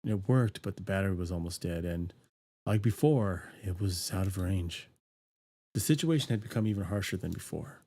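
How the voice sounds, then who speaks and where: A man streaming a horror visual novel, narrating its text in a steady, even voice with dry asides. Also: low-pitched, normal speed. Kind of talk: reading a visual novel aloud.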